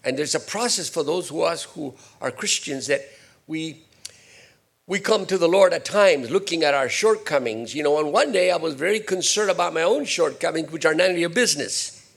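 A man preaching a sermon, moving between quiet, low asides and loud, high-pitched rhetorical questions. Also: expressive, moderate pace, creaky, breathy edge. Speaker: pastor.

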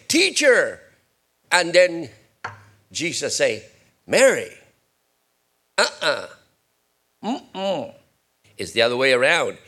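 A man preaching a sermon, moving between quiet, low asides and loud, high-pitched rhetorical questions. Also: breathy edge. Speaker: pastor.

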